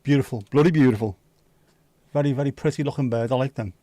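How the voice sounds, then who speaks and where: Sweary jokey Brummie livestream host. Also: male voice, mid-range voice, warm tone, no echo. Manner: banter with sweary jokes and quick asides. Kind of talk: casual chat with viewers. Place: home livestream setup.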